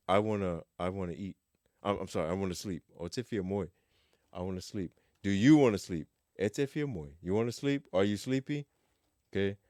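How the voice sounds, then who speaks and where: A man teaching a casual spoken language lesson, relaxed and joking, repeating phrases slowly so learners can drill them. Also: lowish voice, clean tone, dry recording, clean studio sound.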